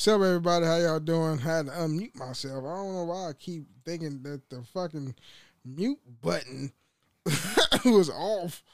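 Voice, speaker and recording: A man's voice: a little high, animated, normal speed. A young man hosting his own podcast in a loose, rambling way, laughing and swearing as he talks. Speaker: podcast host. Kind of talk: casual solo podcast chat.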